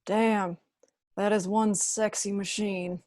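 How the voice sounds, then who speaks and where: Woman reading as a deadpan male boss, clipped, dry recording, mid pitch. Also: slow pace, dry recording, natural voice.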